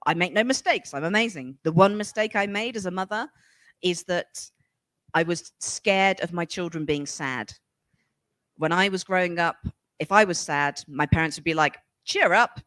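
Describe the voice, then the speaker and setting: A woman's voice: low-pitched, no room sound. A woman from England in her forties, an author talking frankly in a casual conversation, acting out the voices of people she quotes. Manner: animated, acts out voices when quoting people; frank and emphatic, swears casually. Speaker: author and guest.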